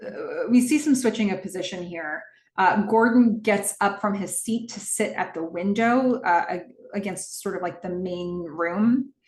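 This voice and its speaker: A woman's voice: mid-range voice, a little slow, a little mellow, echoey room. A woman hosting a podcast, recapping a TV episode scene by scene in the present tense and voicing the characters' lines as she goes. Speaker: podcast host.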